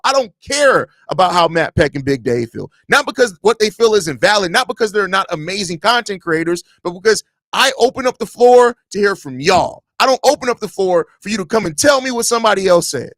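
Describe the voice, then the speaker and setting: Reading chat comments on his live podcast stream, a Chicago-accented man rants in an animated, blunt, and profane way. His voice is high-pitched, and the audio is studio quality with no echo.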